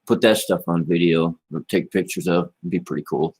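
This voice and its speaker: A man with a lowish voice chats casually to viewers on a livestream. He rambles in a relaxed, easygoing way, dropping "man" and "you know" often. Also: brisk, breathy edge. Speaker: livestream host.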